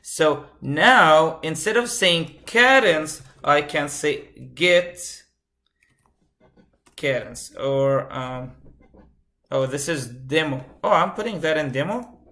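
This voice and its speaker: Bright-voiced man teaching a coding lecture. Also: fairly high pitch, animated, slow pace. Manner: repeats key phrases, asks the class rhetorical questions. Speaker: computer science instructor.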